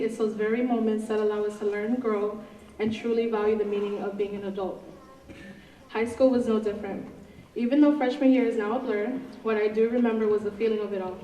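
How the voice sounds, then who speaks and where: A woman's voice: mid-range voice, warm tone, slight background noise. Teen woman giving a graduation speech. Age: teens. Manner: earnest, slightly nervous reading. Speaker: senior class president. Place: large auditorium. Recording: echoey hall from far off.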